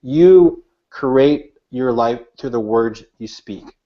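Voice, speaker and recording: Speaking slowly at medium pitch, a middle-aged man who writes and gives talks shares earnest stories in an interview, often starting over mid-thought. The audio is dull and lo-fi.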